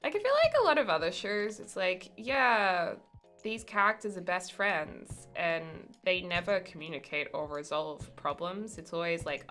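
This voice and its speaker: A young woman live-streaming a game, chatting casually and thanking viewers with excited outbursts. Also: on the low side.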